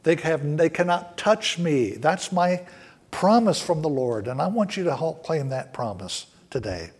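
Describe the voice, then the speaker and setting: A man's voice: a little high, expressive, unhurried, breathy edge. A male pastor preaching a sermon to a congregation in a church, with earnest, emphatic rises on key words. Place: church sanctuary.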